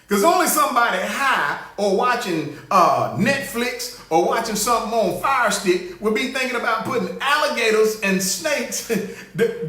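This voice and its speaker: A man hosting a comic live show, animated and laughing as he greets viewers by name. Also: sits high, normal speed. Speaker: show host. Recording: roomy echo.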